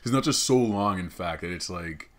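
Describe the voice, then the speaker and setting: A man's voice: low voice, lively intonation, normal speed, fairly bright tone. A man hosting a comedic podcast monologue, rambling, swearing a lot and laughing often. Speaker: podcast host. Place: studio.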